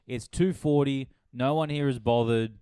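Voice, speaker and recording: A man retells a late-night story on his podcast, casual and full of swearing. His voice is smooth and resonant, recorded close with a dry sound. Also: medium pitch, moderate pace, mellow, dry recording. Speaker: podcast host. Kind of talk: casual chat.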